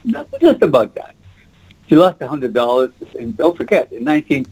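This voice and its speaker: A man's voice: medium pitch, very animated, moderate pace, darkish tone, slightly rough, poor audio. A man in his eighties from French Canada, whose first language is French, telling rambling stories as an interview guest. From French Canada, Quebec. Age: 80s. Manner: rambling, reminiscing, chuckling. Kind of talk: casual interview storytelling.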